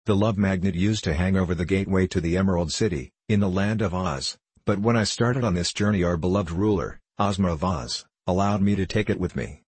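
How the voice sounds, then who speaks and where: Calm, kindly storybook wanderer, deep and husky, dry, voiced by a man. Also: brisk, few pauses, dry recording.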